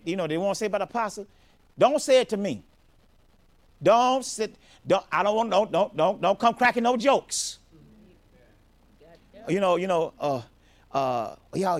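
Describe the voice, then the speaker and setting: A middle-aged man preaching a sermon as a pastor, emphatic and repetitive, often restarting his sentences. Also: high-pitched.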